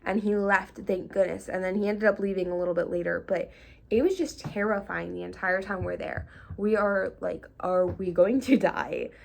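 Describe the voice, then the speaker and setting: A woman's voice: medium pitch, steady tone, normal speed, gravelly. A young woman vlogger telling a casual storytime, chatty and full of likes and ums. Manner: chatty, lots of likes and ums, half-laughing.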